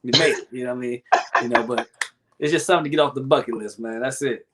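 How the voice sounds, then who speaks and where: A man's voice: mid-range voice, quick pace, a little hiss or hum. A man from Cleveland, a guest and event MC, chatting casually and animatedly. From Cleveland, USA. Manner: animated, keeps asking "you know what I mean". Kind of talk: casual chat.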